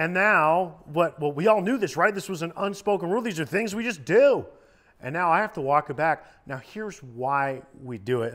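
A man who is a youth minister, giving a casual sermon in a lively, joking conversational way. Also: on the high side. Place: church youth service.

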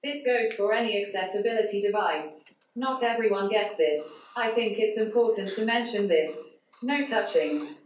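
A woman giving a conference talk through a speech synthesizer, so her voice is a flat, synthetic computer voice with no intonation. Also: mid-range voice, normal speed. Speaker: conference speaker. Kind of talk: prepared talk read out by text-to-speech. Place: large conference hall. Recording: echoey hall, voice from far off.

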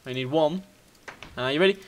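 A man giving casual gameplay commentary, excitable, thinking out loud, swearing and bursting into high squeals. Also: brisk, slight background noise. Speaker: gaming video host.

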